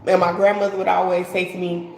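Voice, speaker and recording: A woman's voice: on the low side, little pitch movement, fast talker, vocal fry. Woman tarot reader, chatty and rambling, echoey room, faint background hum. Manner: rambling, repeats herself, lots of "like". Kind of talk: casual live-stream tarot reading.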